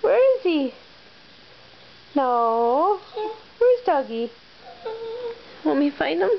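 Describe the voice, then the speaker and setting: A woman's voice: high voice, very animated, slow pace, creaky, lo-fi sound, slight background noise. A mother reading a picture book to her toddler in a sing-song, coaxing baby-talk voice.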